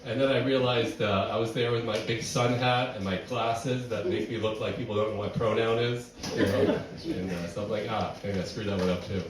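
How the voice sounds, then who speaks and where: Casting note: young male comic, self-deprecating, meandering delivery, recorded from afar in a boomy room with a crowd. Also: fairly even intonation, moderate pace, background noise. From New York City. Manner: rambling, self-deprecating, full of fillers and restarts. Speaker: stand-up comedian. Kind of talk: stand-up set. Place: barn venue with live audience. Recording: echoey room, distant mic, audience.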